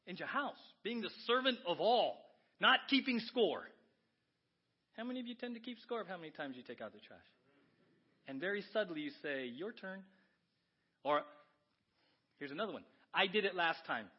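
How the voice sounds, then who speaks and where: A pastor preaching a sermon, conversational and lively, often asking the congregation questions. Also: male voice, sits high, moderate pace, pauses often, breathy edge, dull audio. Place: church.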